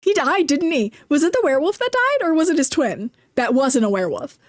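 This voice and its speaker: A woman's voice: high-pitched, very animated, brisk, dry recording, clean studio sound. A young woman from New Jersey with a Jersey accent, chatting casually as a streamer, rambling, giggly and self-deprecating. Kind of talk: casual chat while gaming, reading chat.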